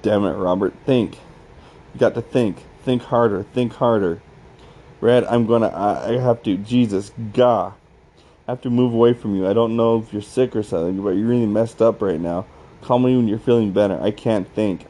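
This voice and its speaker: Man voicing a frantic trapped scientist: low, dark voice, shaky and halting, pleading. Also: rough recording. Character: trapped male scientist, desperate and breaking down.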